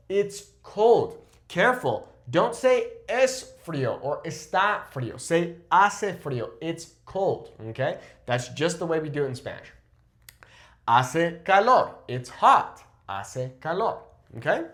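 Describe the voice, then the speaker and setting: A man teaching a casual video lesson. He checks in with "okay?" again and again and slows down to model phrases. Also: on the high side, roomy sound. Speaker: Spanish teacher.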